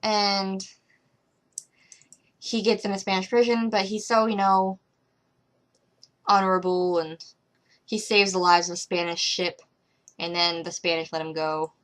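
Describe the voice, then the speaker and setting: A young adult woman vlogging casually, rambling with many fillers and restarts, her voice trailing off quietly at the ends of thoughts. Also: medium pitch, flat delivery, a little slow, pauses often.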